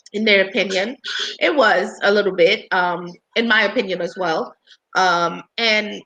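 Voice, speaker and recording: A woman's voice: medium pitch, sharp tone, rough recording. A woman who works in healthcare, talking casually on a panel, slightly congested, with frequent restarts. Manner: conversational, with frequent restarts and fillers.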